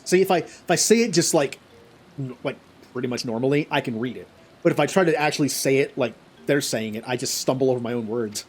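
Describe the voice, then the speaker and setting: A man's voice: medium pitch, quick pace, husky. A man giving let's-play commentary, self-deprecating and joking about his own reading. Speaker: gaming streamer.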